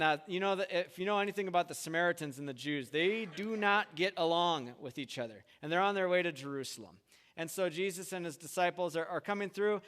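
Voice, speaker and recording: A pastor preaching in an echoing hall. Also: male voice, high-pitched. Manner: conversational, animated retellings with acted quotes. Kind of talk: sermon. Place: church sanctuary. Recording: long church hall reverb.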